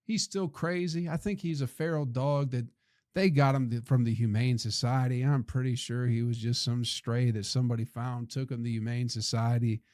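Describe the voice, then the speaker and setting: A young man rambles through a comic story, profane and exasperated. His voice is dark and mellow. The sound is dry and close, with no room around it. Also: medium pitch, steady tone, normal speed, no echo. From Flint, Michigan. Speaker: podcast host, comedian.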